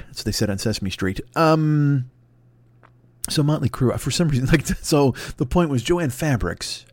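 A man's voice: medium pitch, animated, normal speed, a little mellow, no echo. A man in his fifties ranting alone at a desk, rambling, exasperated and full of swearing. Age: 50s. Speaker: podcast host. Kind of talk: solo comedic rant.

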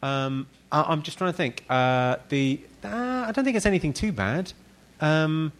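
A man's voice: on the high side, expressive, unhurried. A middle-aged British man, a comedian chatting as a podcast guest in a wry, self-mocking way. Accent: British English. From United Kingdom. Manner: wry, self-mocking, laughs at his own lines. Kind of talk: casual podcast chat.

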